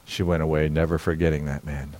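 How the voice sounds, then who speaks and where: A pastor in his sixties preaching a sermon as an animated storyteller who swings from quiet reflection into loud, excited telling. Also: rumbling low, brisk.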